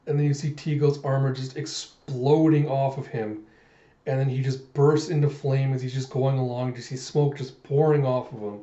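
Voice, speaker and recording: Man excitedly retelling a comic. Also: mid-range voice, moderate pace. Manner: animated retelling with sound effects. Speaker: manga readthrough host. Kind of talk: casual story recap. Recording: echoey room, dull lo-fi sound.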